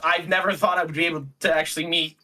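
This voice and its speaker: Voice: medium pitch, level tone, fast, sharp tone, faint music behind. A player at a tabletop game, giggling often while playing a starstruck young fan. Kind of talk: tabletop role-play, in and out of character.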